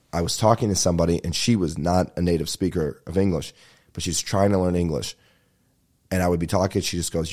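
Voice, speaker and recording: A young man hosting a podcast, rambling in casual chat, swearing freely and talking fast. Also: sits low, a little mellow. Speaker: podcast host.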